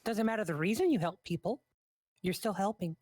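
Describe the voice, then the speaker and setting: A woman's voice: medium pitch, lively intonation, brisk, darkish tone, no room sound. A woman chatting in character during a live role-play, reassuring another character and narrating her own actions as she goes.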